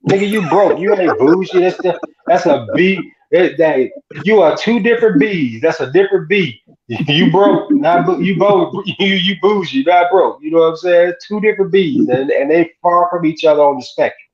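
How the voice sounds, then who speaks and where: A man's voice: high voice, normal speed, few pauses. A man co-hosting a casual uncensored chat, swearing a lot and asking "you know what I'm saying" again and again. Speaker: podcast co-host. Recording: dull lo-fi sound.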